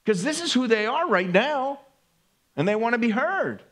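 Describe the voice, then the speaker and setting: A man's voice: extremely high pitch, sing-song, moderate pace, a bit bright. A male pastor preaching a sermon in a conversational way, often checking in with the congregation by asking "right?".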